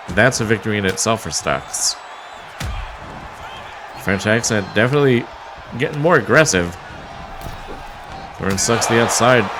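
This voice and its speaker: A man calls a wrestling match play by play, wry and mocking, and chuckles now and then. A loud crowd and steady noise sit behind his voice. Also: lowish voice. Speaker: wrestling commentator. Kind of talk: play-by-play commentary.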